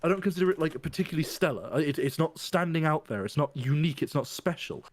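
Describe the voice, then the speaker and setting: A man's voice: a little high, animated, fast talker. A man in casual podcast chat, thinking aloud and rambling through restarts as he argues his point.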